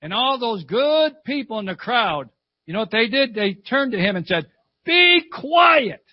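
A man's voice: sits high, animated, normal speed, no room sound, dull audio. Fervent older man preaching a sermon. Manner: fervent storytelling preacher, repeats phrases, calls "Amen". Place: church service.

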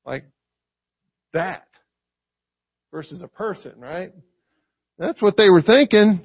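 A man preaching in a high, gravelly voice with an easygoing, folksy delivery. He keeps tossing rhetorical questions to his listeners. The recording is dull and lo-fi, with a dry, close sound. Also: lively intonation, slow, pauses often, dry recording. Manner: folksy, peppers points with rhetorical "right?". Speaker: pastor. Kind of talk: conversational sermon.

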